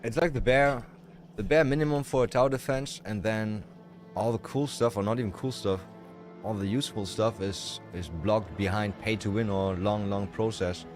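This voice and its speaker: A man's voice: fairly low pitch, moderate pace. A man streaming a game, chatting casually and rambling with strong opinions. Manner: rambling, opinionated, restarts often. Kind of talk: casual livestream chat while playing. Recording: music playing loudly behind.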